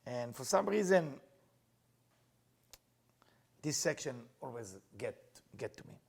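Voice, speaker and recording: Husky-voiced man teaching Kabbalah. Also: mid-range voice, very animated, slow. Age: middle-aged. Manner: earnest, storytelling, plain non-native phrasing. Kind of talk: teaching with personal storytelling.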